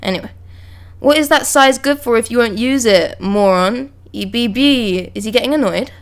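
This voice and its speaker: A woman's voice: on the high side, normal speed. A woman on a live stream talks casually into a close desk microphone. She is chatty and blunt, swears freely, and reads panels aloud in between her reactions. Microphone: close desk mic.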